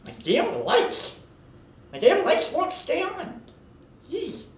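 A performer voicing a boastful oddball man who wants to be a leprechaun, in a comedy sketch monologue, lurching from manic shouts to low mutters. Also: huge pitch swings, takes it slowly, heavily acted. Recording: roomy echo.

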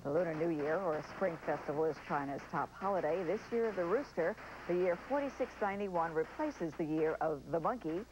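A woman anchoring a local TV newscast, reading stories in a smooth, measured way. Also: on the low side, lively intonation. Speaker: news anchor. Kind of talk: TV news reading. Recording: hissy, dull old TV broadcast.

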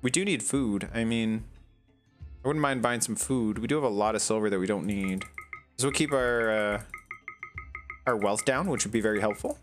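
A man's voice: fairly low pitch, moderate pace, pauses often, soft background music. A man casually commenting as he plays a video game, chatting to the characters on screen. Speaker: gaming channel host. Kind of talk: casual let's-play commentary.

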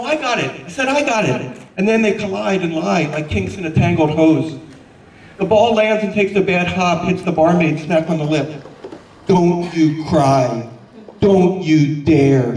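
A man's voice: a little high, darkish tone, roomy sound, far from the mic, a little hiss or hum, low-quality recording. A man giving a poetry reading at a college event, hesitant with fillers and dryly funny between poems. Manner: hesitant, with dry humor and many fillers. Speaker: poet.

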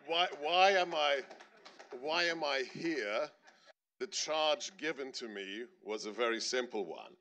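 Bright-voiced middle-aged man giving an earnest speech. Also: medium pitch. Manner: earnest storytelling with emphatic rises. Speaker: panelist speaker. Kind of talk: personal speech at a panel. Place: stage at a panel event.

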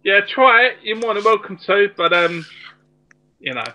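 Laid back guy chiming in, pretty high voice, super bright. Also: moderate pace, slight background noise. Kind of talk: casual chat.

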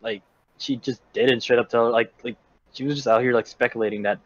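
A man's voice: medium pitch, fairly even intonation, brisk, dry recording, lo-fi sound. A man co-hosting a podcast in casual comedic chat, exasperated, swearing and laughing. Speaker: podcast co-host.

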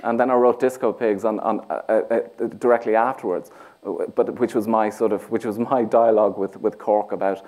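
Fairly low-pitched and darkish, his voice stays steady as he talks fairly quickly. The Dublin playwright rambles and pokes fun at himself with plenty of fillers during an onstage conversation before a theatre audience.

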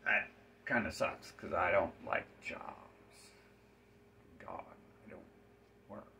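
A man's voice: deep voice, wildly swooping pitch, slow pace, creaky, sharp tone, slight background noise. A man speaking in a rambling, profane, run-on monologue.

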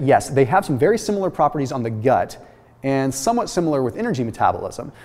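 A man talks through nutrition science with energy and emphasis, pausing to check in with his viewers. His voice sits at an ordinary middle pitch. A long reverb trails behind his words. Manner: energetic, emphatic, with frequent "okay?" check-ins. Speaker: host. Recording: reverberant room with long echo.

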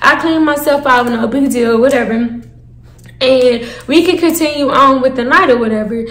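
High-voiced woman telling a storytime. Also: normal speed, reverberant. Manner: animated, profane, addresses viewers as y'all. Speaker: storytime vlogger. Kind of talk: casual storytime.

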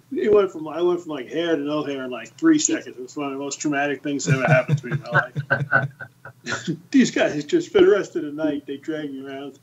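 A man in his sixties, a podcast guest, telling lively anecdotes in a casual storytelling style. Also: fairly high pitch, moderate pace, low-quality recording. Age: 60s. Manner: lively anecdotes, acts out the quoted voices.

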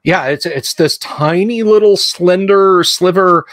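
A somewhat high-voiced man chatting casually as a co-host. He stumbles and repeats words while he gathers his thoughts. His voice sounds dry, with little room around it. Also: measured pace, fairly bright tone, no echo. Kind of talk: casual chat.

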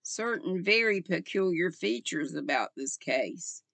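An older woman voicing a male police inspector who questions quietly and pleasantly, read slowly with a gravelly tone. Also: lowish voice, lively intonation, no echo, full character voice. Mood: probing.

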